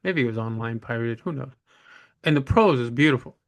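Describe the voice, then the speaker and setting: A man of middle pitch speaking off the cuff to a camera about books. He rambles, trips over himself and restarts often, and speaks bluntly with firm opinions. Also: expressive, brisk. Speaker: book vlogger. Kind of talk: casual unscripted on-camera monologue.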